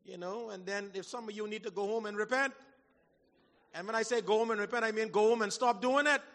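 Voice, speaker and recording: A man preaching a sermon in a church hall, folksy and animated, swinging from shouts to low asides. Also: brisk. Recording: long hall reverb.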